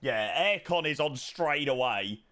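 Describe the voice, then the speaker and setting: Man, casual stream chat, lively bouncing pitch, bright voice, dry close mic. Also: a little slow, no room sound. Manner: chatty, greets viewers by name, repeats words. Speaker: flight sim streamer.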